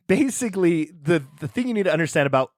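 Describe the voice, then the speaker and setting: Playful man with a lively voice. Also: fairly high pitch, moderate pace, no room sound, studio quality. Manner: playful, laughing, loose. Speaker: podcast co-host. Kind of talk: casual chat with lore explanation.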